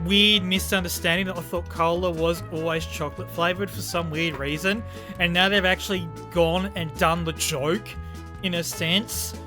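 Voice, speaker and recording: A woman reacting in casual commentary to strange sodas, incredulous and swearing, often stammering in disbelief. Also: lowish voice. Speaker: vlogger reacting to odd sodas.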